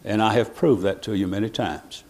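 A man's voice: on the low side, normal speed, a little mellow. A man preaching a sermon in an earnest, reflective way, with restarts and rising bursts of emphasis.

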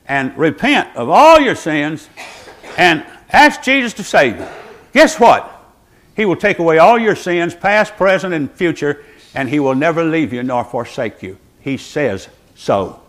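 An old man, his fairly high voice swooping up and down with lively emphasis. He talks in a folksy way, mixing scripture with joking asides to his congregation. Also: measured pace. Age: 80s. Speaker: pastor. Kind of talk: sermon. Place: church, seated before the congregation.

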